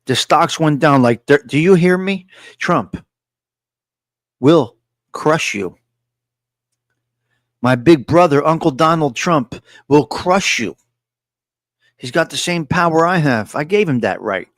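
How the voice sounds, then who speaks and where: A man's voice: fairly high pitch, expressive, slow pace, long pauses, no room sound, low-quality recording. A man hosting a casual live-stream show, boastful and joking, often repeating himself.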